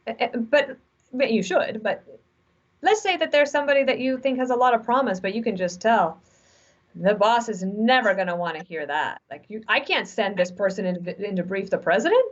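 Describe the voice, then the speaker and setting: A woman in her forties, speaking as an interview guest who gives frank, animated advice through stories. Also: a little high, moderate pace. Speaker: guest author. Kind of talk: conversational interview. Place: remote video call. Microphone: video call mic. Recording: dull lo-fi video call audio.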